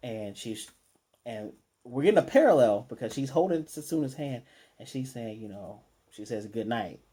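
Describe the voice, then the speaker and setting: A man's voice: mid-range voice, lively intonation, normal speed, dark tone, slightly rough. A man casually recapping an anime episode, retelling the scenes loosely and quoting characters as he goes. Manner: loose retelling with quoted lines and restarts. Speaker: anime reviewer.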